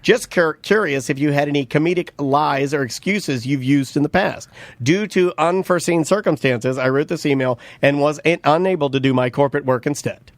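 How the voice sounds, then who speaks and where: Joking podcast host man, slightly high voice. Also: normal speed, no echo. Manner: crude, joking, reads listener messages. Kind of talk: casual podcast chat.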